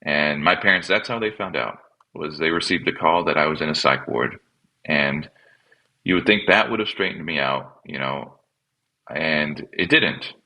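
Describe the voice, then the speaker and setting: A man, a pastor and podcast guest, telling his personal story in a halting, reflective way and often repeating words as he restarts. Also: a bass voice, pushed and bright, poor audio. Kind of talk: personal testimony in conversation.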